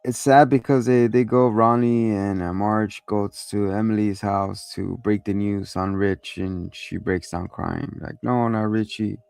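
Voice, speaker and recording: Gravelly low-voiced man recapping a show. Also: steady tone, measured pace, few pauses, darkish tone, no room sound, faint music behind. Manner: rambling and profane, acts out lines. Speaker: show host reviewing a TV episode. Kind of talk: casual episode recap.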